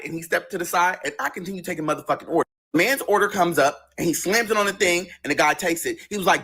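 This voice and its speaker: A man telling a personal story in a storytime vlog, animated, dramatic and full of cursing. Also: sits high, quick pace, few pauses.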